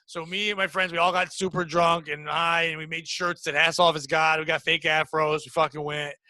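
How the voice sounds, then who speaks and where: A man's voice: a little high, a little fast, no echo. A man hosting a podcast, telling crude, rambling stories in casual chat. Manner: crude, rambling animated storyteller. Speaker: podcast host.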